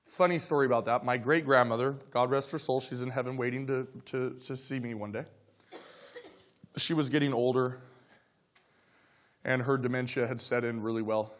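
A man preaching a sermon, telling stories and acting out scripture dialogue, dropping to quiet asides between loud exclaimed lines. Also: mid-range voice, fairly even intonation, moderate pace, long pauses. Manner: storytelling, swings from soft asides to loud dramatic quotes; acts out dialogue of scripture characters. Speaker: pastor.

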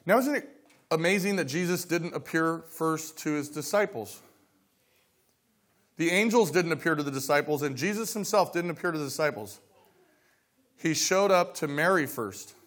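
A man preaching a sermon, telling stories and acting out scripture dialogue, dropping to quiet asides between loud exclaimed lines. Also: on the high side, expressive, moderate pace, pauses often. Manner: storytelling, swings from soft asides to loud dramatic quotes; acts out dialogue of scripture characters. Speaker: pastor.

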